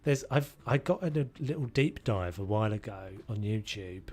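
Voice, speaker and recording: A man's voice: on the low side, expressive, normal speed, a little mellow, soft background music. Chatty man streaming a game. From United Kingdom. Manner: rambling and chatty, talking to chat while he plays. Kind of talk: casual gaming livestream commentary.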